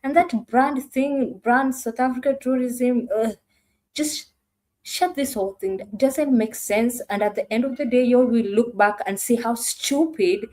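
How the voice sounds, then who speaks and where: A woman's voice: fairly high pitch, a little slow, dark tone. A woman hosting a reaction video, talking in a sarcastic, exasperated way straight to her viewers. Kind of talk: casual reaction commentary.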